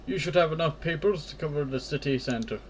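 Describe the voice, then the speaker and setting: A woman's voice: low voice, brisk, a little hiss or hum, close to an everyday voice. A man voicing a cheerful young woman who delivers newspapers with her dog, in an upbeat put-on accent.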